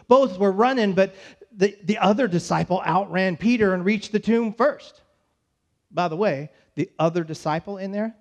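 Man, pastor, high voice, storytelling sermon, conversational, church. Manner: storytelling, voices the disciples' panic in quick asides.

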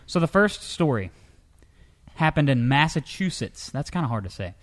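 A man co-hosting a comedic news-story show, telling tales in a lively, animated way. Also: normal speed. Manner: lively storyteller, jumps into high pitch for characters. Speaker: co-host.

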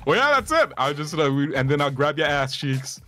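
A man with a laid-back, deadpan way of talking, joking in a casual group chat. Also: a little high, fairly quick. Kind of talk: comedic casual banter.

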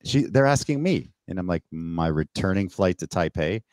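Low-voiced Canadian man telling stories. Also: normal speed, no room sound. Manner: animated, swears, acts out quoted exchanges with rising pitch. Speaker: podcast guest. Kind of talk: casual storytelling on a remote call. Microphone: remote call mic.

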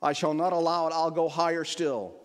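A man putting on a pompous, bellowing turtle king from a storybook, his voice pushed high and loud as he brags and commands. The sound rings with a long church reverb. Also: fairly even intonation, fast talker, natural voice. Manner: shouting, bragging, imperious. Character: boastful tyrant turtle king, male.

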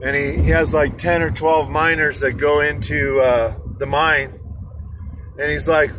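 A man's voice: a little high, little pitch movement, measured pace, fairly bright tone. A man, an inspirational speaker, telling a motivational story from his car in traffic, rambling with fillers. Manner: rambling, many fillers and restarts. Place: car in rush hour traffic.

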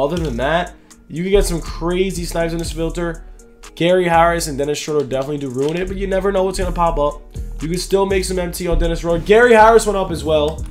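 Young male gaming YouTuber, slightly high voice, loose slangy commentary, faint music underneath. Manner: casual, slangy, thinking aloud. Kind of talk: casual gameplay commentary.

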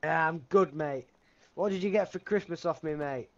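A man role-playing a customer, cheeky and bantering, quick to bristle. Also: on the high side, muffled recording. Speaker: customer in game role-play. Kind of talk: in-character role-play over game voice chat.

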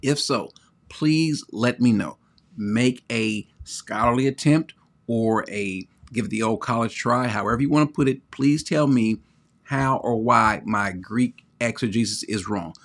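A man's voice: medium pitch, measured pace. A man who teaches the Bible, preaching online in an emphatic, teasing way and repeating words hard for stress.

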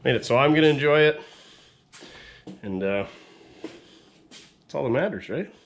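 A man's voice: mid-range voice, animated, unhurried, muffled recording, slight background noise. A man hosting a truck build video, chatting casually and joking with viewers as he works. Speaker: mechanic and video host.

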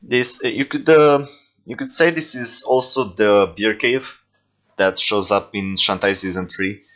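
A man's voice: lowish voice, fairly even intonation, a little slow, a bit bright. A young man who is not a native English speaker, casually commenting on his own toy movies, rambling with many fillers and self-corrections.

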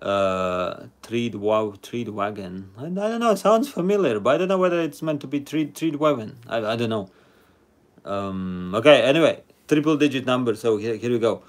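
A man's voice: mid-range voice, big pitch swings, moderate pace. A man hosting a live stream number game, chatting with viewers and reading out their names and rankings. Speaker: livestream host.

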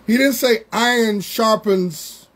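Husky high-voiced preacher man. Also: fairly bright tone. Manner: preaching with slow, drawn-out emphasis and call-outs to congregation members. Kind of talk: Bible study sermon.

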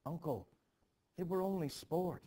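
Male reader putting on a teen girl, high, pleading then defiant, play reading. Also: measured pace, dark tone. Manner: pleading, rising to indignant. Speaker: teacher.

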